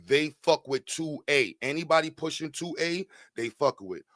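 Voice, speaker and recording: A man hosting a podcast, giving casual commentary on a clip and swinging between calm talk and loud, profane outbursts. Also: on the high side, normal speed, dry recording, clean studio sound. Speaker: podcast host.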